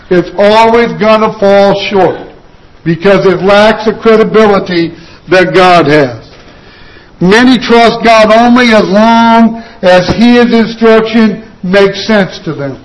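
A man's voice: high-pitched, low-quality recording. A man preaching a sermon, quoting scripture and driving points home with rhetorical questions and repetition.

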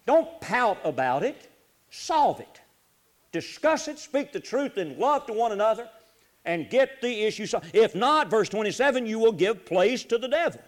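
A man preaching a folksy sermon, swinging between loud urging and low, quiet asides. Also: big pitch swings, moderate pace. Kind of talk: sermon on marriage.

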